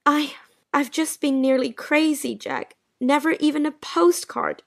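A woman's voice: sits high, fairly even intonation, a little slow, vocal fry, no room sound, studio quality. A woman voicing Jean, an anxious, lovesick wife who pleads with her absent husband, in a dialogue drama reading. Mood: sad. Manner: pleading, breathless and emotional.

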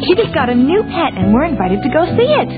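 A woman's voice: high-pitched, sing-song, fast. A woman voicing a kind, coaxing young mother in a cartoon. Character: warm caring young mother. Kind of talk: cartoon voice acting. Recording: tinny lo-fi audio with loud music.

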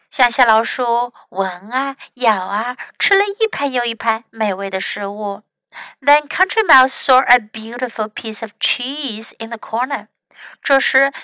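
A woman English teacher narrating a children's story bilingually, clear and teacherly. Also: a little high, bright, forceful tone, no room sound, rough recording.

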